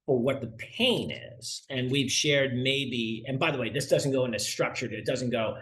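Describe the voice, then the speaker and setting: A middle-aged man, a sales consultant being interviewed, who talks in a lively way and acts out dialogue while telling stories. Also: mid-range voice, moderate pace. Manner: animated storyteller, acts out dialogue. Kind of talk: conversational interview.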